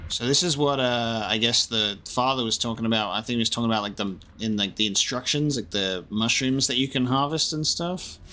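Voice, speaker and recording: A man's voice: medium pitch, brisk, hardly any pauses, sharp tone, faint music behind. A man giving casual, jokey commentary as he plays through a video game, chatting to himself as he goes. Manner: chatty, jokey, talks to himself while playing. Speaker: gaming streamer.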